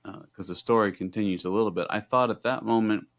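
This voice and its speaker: A man's voice: on the low side, fast talker. A middle-aged man co-hosting a podcast, telling a story in casual chat and acting out both sides of the conversations. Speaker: podcast co-host.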